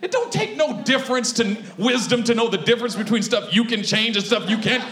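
A man preaching a sermon to his congregation, animated and conversational, raising his voice as he drives points home. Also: very high-pitched, a little fast. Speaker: pastor. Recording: roomy echo.

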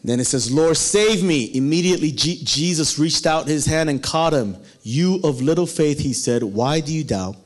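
A man with a slightly high voice and lively intonation preaches at a moderate pace, barely pausing. He dramatically acts out quotes and questions the congregation as he goes.

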